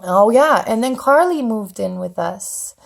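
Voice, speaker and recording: A woman's voice: on the high side, lively intonation, a little slow, vocal fry. A woman in her thirties telling her life story on her own channel, blunt and profane, acting out what others said. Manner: blunt and profane, acts out quoted voices. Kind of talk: candid personal storytelling.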